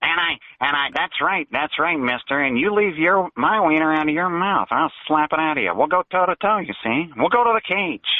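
A man's voice: on the high side, expressive, a little fast, hardly any pauses, no echo. Male caller, put-on cartoonish drawl, tinny phone line, dry sound. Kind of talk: call-in radio talk.

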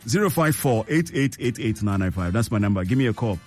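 A man's voice: lowish voice, expressive, quick pace, faint music behind. Playful Ghanaian radio host, man. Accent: Ghanaian English. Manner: playful, laughs often, teasing. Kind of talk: casual radio chat with a caller.

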